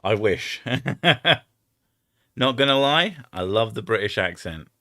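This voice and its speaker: A Scottish man with an Edinburgh accent hosts a live stream, rambling through casual chat, swearing, and attempting silly impressions. His lowish voice is sing-song, slow, bright, and forceful, recorded dry with clean studio sound.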